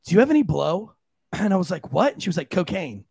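A man co-hosting a podcast, telling a story in a casual, animated way and jumping into high voices for the people he quotes. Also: quick pace, gravelly, slightly rough, no echo. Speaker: podcast co-host.

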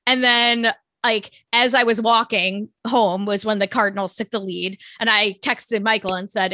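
A woman's voice: medium pitch, steady tone, normal speed, hardly any pauses, bright, forceful tone, no echo. A young woman hosting a casual podcast, chatty and laughing as she tells rambling stories. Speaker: podcast host. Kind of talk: casual chat.

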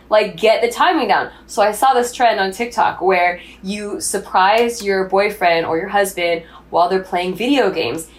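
A young adult woman co-hosting a podcast, telling a candid story in casual chat and swearing freely. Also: medium pitch. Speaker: podcast co-host.

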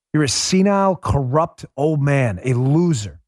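Male podcast host, combative and sarcastic, higher-pitched voice, dry close studio sound. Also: sing-song, unhurried, dry recording. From New York City. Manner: combative, sarcastic, rising to shouts. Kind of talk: heated political monologue.

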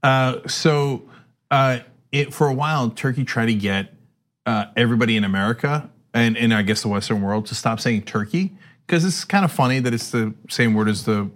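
A man's voice: mid-range voice, normal speed. A man hosting a casual comedic podcast chat, joking and laughing at his own lines. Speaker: podcast co-host leading the segment.

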